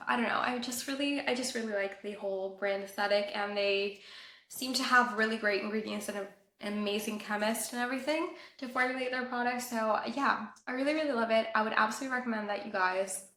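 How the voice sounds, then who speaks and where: Young woman, from Colombia, casual beauty vlog, slightly nasal from a cold, lots of "like", vocal fry, echoey room. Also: fairly high pitch, pushed and bright, slight background noise. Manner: chatty, says "like" often. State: recovering from a cold, a bit nasal. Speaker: beauty vlogger. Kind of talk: casual product review.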